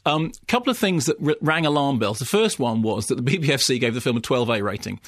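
A man giving a sardonic, animated film review, with mocking asides pitched high. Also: fast. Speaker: film critic.

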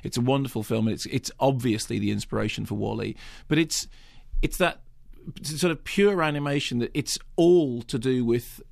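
A man talking as a film critic on a radio talk show, emphatic and opinionated, in rapid bursts with playful mimicry. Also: mid-range voice, vocal fry, a little mellow, no echo, clean studio sound. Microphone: studio microphone.

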